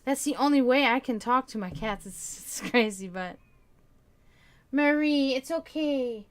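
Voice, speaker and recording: A woman doing tarot readings on a casual live stream, who now and then breaks off to softly comfort her cat. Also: a little high, normal speed. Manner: soothing baby talk to her cat, then plain card reading. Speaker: tarot reader and stream host.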